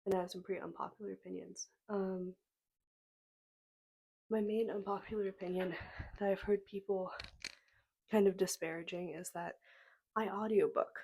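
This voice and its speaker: A young woman vlogging casually about books at home on a small mic, a little hoarse from a cold and sprinkling her talk with ums. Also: medium pitch, moderate pace, long pauses. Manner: relaxed, frequent ums, soft-spoken. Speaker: book vlogger. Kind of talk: casual talking-to-camera vlog. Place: home room with books behind. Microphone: small clip-on mic.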